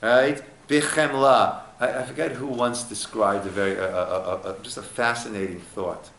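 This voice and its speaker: A male rabbi teaching an informal study class, unhurried and acting out little dialogues as he explains. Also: medium pitch, steady tone, creaky, fairly bright tone, a little hiss or hum. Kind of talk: informal text study lesson. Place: echoey room at a lunch study group. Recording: roomy echo.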